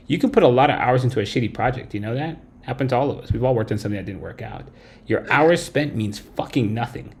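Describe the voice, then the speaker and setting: A man with a mid-range, somewhat dark voice hosts a late-night livestream. He rants bluntly, swears constantly, and caps his points with "right?"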